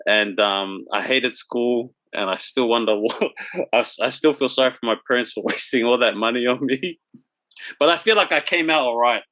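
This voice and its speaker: A man co-hosting a casual podcast, speaking in a reflective, halting way and laughing often. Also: medium pitch, sharp tone, no room sound, rough recording. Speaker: podcast co-host. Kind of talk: casual chat.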